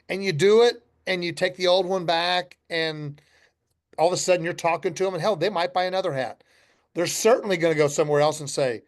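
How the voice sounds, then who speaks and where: A man's voice: on the high side, a little fast. A middle-aged man, a company founder guesting on a podcast, telling blunt, folksy stories and acting out both sides of customer conversations with some swearing. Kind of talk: casual storytelling interview.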